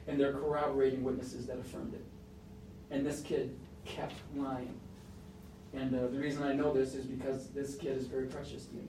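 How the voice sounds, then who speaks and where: A man preaching a sermon, telling a story with emphatic rises and soft, hushed moments. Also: medium pitch, slight background noise. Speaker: pastor. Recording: roomy echo, mic at a distance.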